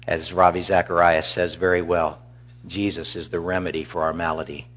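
Middle-aged male pastor, low voice, earnest eulogy delivery. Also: little pitch movement, slight background noise. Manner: earnest, measured, warmly storytelling. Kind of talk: funeral eulogy.

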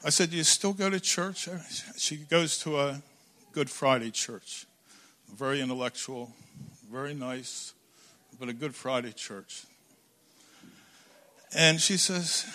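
An older man preaching a sermon, telling a family story with quoted dialogue, voice swinging between loud bursts and low asides. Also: normal speed. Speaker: pastor.

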